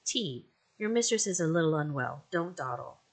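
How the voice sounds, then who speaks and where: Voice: medium pitch, sing-song. A reader doing a stern domineering aunt. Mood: commanding. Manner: brisk, commanding, indignant. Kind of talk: audiobook character voice.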